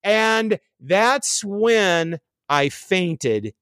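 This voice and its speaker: A man telling a story in casual chat, animated and acting out what people said. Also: high voice, very slow, clean tone, no room sound, clean studio sound. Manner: animated storytelling, acts out quotes.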